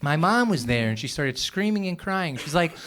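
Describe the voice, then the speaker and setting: A young man doing a stand-up set on a club stage, telling stories in a quick, conversational way. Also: a little high, big pitch swings, fairly bright tone. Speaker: stand-up comedian. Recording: live club recording with audience noise.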